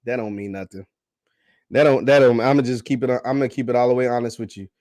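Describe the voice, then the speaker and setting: A man hosts a casual livestream chat, reading viewer comments in a slangy, teasing way that swings between loud and quiet. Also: medium pitch, fairly even intonation, fast, no echo.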